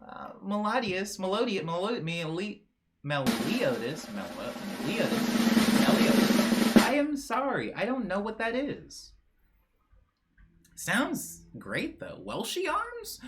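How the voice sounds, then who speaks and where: A young livestream host talks in a high-side, bright, forceful voice, chatting casually as he reads viewer comments. He's playful and rambling, laughs frequently, and often mispronounces names.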